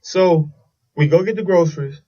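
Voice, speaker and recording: A man's voice: fairly high pitch, normal speed, dark tone, recorded from a distance, lo-fi sound. A man hosting a casual solo podcast, telling a long story in a rambling way with restarts and swearing. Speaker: podcast host.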